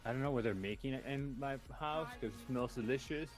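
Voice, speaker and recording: A man's voice: medium pitch, a little fast, over music. Laid-back rambling man co-streamer. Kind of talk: casual live-stream chat.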